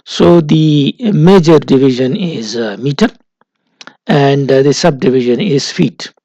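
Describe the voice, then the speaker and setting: A male lecturer giving a recorded literature lesson, slow and methodical, pausing often on "uh". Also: mid-range voice, mellow, no room sound, rough recording. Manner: slow, methodical, frequent "uh" pauses.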